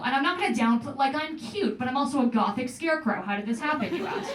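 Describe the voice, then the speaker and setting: A young woman performing a stand-up comedy set in a club, with a deadpan delivery and playful asides. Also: high voice, fast talker, few pauses, noisy background. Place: comedy club stage with live audience. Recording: roomy club sound heard from a distance. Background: audience laughing.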